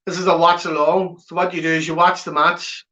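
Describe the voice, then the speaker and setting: A man's voice: on the high side, flat delivery, fairly quick, bright, forceful tone. A man hosting a live football watchalong from home, reading viewer comments aloud and teasing them in chatty banter. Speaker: watchalong host. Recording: slightly dull lo-fi audio.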